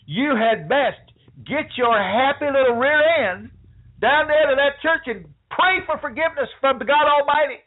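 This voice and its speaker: A man voicing a fire-and-brimstone preacher who issues high, loud warnings, heard over a phone-like line. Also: normal speed. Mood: scolding. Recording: phone-like narrow sound.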